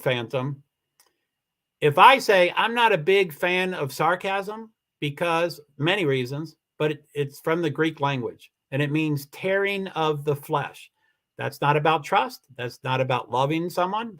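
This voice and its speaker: A man's voice: on the high side, fairly bright tone. Upset, rambling man hosting a livestream. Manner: rambling, upset, self-interrupting with restarts. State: emotional, near tears. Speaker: livestream host. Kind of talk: casual livestream chat reading comments. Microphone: computer mic for a live stream.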